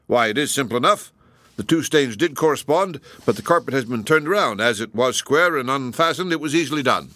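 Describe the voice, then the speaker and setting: A man voicing a sharp, commanding detective who gives crisp orders. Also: medium pitch, animated, brisk, no echo, voice pushed up.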